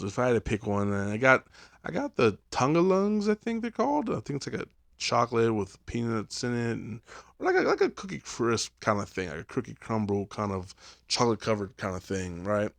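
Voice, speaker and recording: A man's voice: mid-range voice, sing-song, fairly quick, creaky, dry recording. A man hosting a podcast, telling a rambling, profane comic story full of "like". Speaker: podcast host. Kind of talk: casual comedic storytelling.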